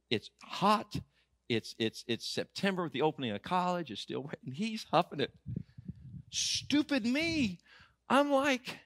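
A man's voice: mid-range voice, no echo, studio quality. A middle-aged man, preaching a sermon in an auditorium through humorous, emphatic personal stories. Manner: animated, humorous, emphatic storytelling. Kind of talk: storytelling sermon.

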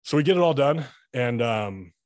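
A man's voice: medium pitch, expressive, moderate pace, darkish tone, no echo. A man chatting as a podcast guest, telling rambling, profane stories and acting out dialogue. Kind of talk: casual storytelling chat.

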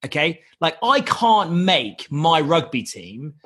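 A man's voice: on the high side, sing-song, slow, fairly bright tone, husky. A man, telling a rambling story as a podcast guest, laughing and swearing often. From United Kingdom. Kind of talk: casual storytelling.

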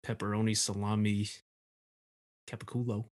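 A man co-hosting a podcast in casual chat, relaxed and jokey with some hesitation. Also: on the low side, moderate pace. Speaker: podcast co-host.

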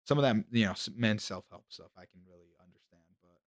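A man's voice: on the low side, fast, no echo. Podcast co-host, male, stammers and swears, joking, dry close sound. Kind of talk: casual podcast banter.

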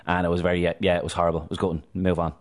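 Male radio host, low voice, rapid jokey sports banter. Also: monotone. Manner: chatty, jokey, fast-talking. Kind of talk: casual sports chat.

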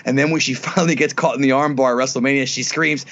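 A man co-hosting a casual wrestling podcast, animatedly pitching booking ideas with many restarts. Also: expressive, fast talker, few pauses, a bit bright, muffled recording. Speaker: podcast co-host.

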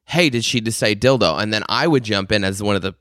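A man telling a story in casual podcast chat, laughing often and swearing freely, sometimes mimicking shrill yelling. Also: fast talker, no room sound, clean studio sound. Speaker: podcast co-host.

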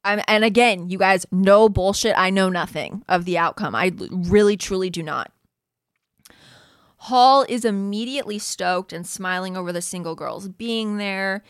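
A woman's voice: mid-range voice, normal speed, clean tone, no room sound, studio quality. A young woman hosting a podcast, chatting casually, with lots of "like", frequent laughs and easy swearing. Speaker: podcast host recapping a reality show. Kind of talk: casual chat.

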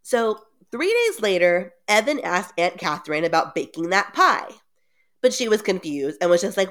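A woman's voice: medium pitch, sing-song, normal speed, a bit bright. A woman hosting a podcast, retelling a story in a casual, chatty way with joking asides. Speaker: podcast host retelling a book.

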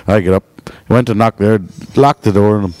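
A man's voice: on the low side, fairly even intonation, normal speed, darkish tone. Blunt, swearing man telling drinking stories. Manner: blunt, swearing, dismissive storyteller. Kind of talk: casual podcast chat.

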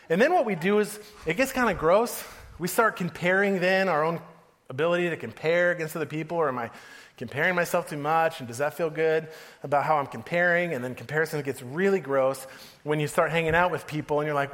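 A man's voice: on the high side, brisk, fairly bright tone. A man in his thirties giving a casual, joking sermon, often laughing as he talks. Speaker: pastor. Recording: long hall reverb.

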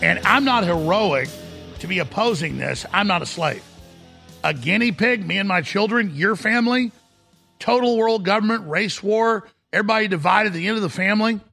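A middle-aged man hosting a talk show, delivering an aggressive, shouting rant in a raspy voice. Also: high voice, moderate pace, faint music behind. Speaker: radio talk show host. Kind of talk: ranting talk-show monologue.

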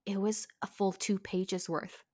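A woman hosting a podcast, telling a story in casual chat, animated, swearing and saying "like" a lot. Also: medium pitch, unhurried. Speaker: podcast host.

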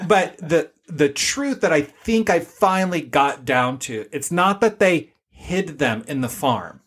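A man's voice: a little high, animated, unhurried, a bit bright, slightly rough. A man co-hosting a podcast, chatting casually and telling rambling family stories with lots of fillers. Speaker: podcast co-host.

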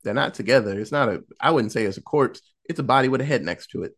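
A man's voice: mid-range voice, fast. A man casually recapping a horror film in a podcast chat, acting out the characters' lines with laughs and profanity. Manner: animated storytelling, acting out quotes, laughing, profane.

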